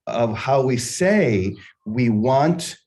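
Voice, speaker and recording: Mellow-voiced older man telling a story. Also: medium pitch, animated, poor audio. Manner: unhurried, musing, with gentle humor. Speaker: spiritual teacher hosting a morning session. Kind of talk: reflective spiritual talk with storytelling.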